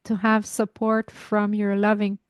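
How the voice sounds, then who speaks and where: A woman with a Québécois French accent hosting an interview, speaking in slow, affirming words of thanks to her guest. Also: medium pitch, completely flat delivery, clean tone, dry recording, clean studio sound. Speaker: interviewer and host. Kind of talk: warm interview chat.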